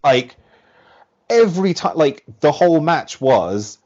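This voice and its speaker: A man guesting on a podcast in casual chat, animated and rambling, with lots of "like". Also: a little high, takes it slowly. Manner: animated, rambling, heavy use of "like". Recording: dull lo-fi podcast audio.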